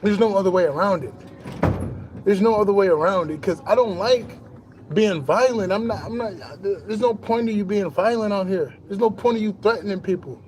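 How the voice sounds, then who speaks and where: A young man talking casually to camera in a boastful, animated monologue full of slang and swearing, laughing now and then. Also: high voice, moderate pace, a crowd in the background. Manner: laughs between lines. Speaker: spiritual vlogger.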